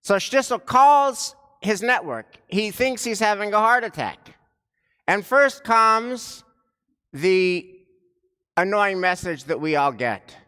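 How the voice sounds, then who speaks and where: A man delivering a sermon as a rabbi, telling a story slowly and deliberately with dramatic pauses, recorded in a synagogue sanctuary. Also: sits high, big pitch swings, sharp tone, clean tone. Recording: long reverb of a large sanctuary.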